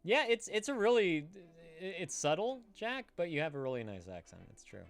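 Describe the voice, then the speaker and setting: A young man hosting a casual live stream from California, swearing often and swinging from loud excited outbursts to quiet mumbling. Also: sits high, brisk, soft background music. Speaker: livestream host.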